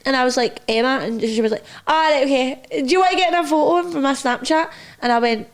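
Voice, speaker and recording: A young woman with a Scottish accent, co-hosting a podcast and telling lively stories full of acted-out quotes. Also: sits high, quick pace. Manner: lively storyteller, acts out quotes. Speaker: podcast co-host. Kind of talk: casual chat.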